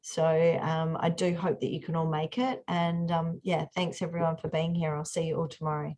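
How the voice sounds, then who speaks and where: A woman's voice: low voice, level tone, moderate pace, darkish tone. Woman, workshop host on a video call, chatty, lots of ums and restarts. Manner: chatty, many fillers and restarts. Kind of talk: online group workshop.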